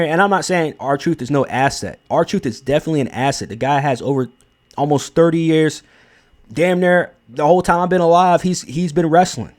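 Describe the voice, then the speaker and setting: In unscripted, casual commentary, a young wrestling host shares his take with blunt emphasis and some profanity. He leans on fillers and restarts sentences while thinking aloud, in a voice a bit higher than typical for a man.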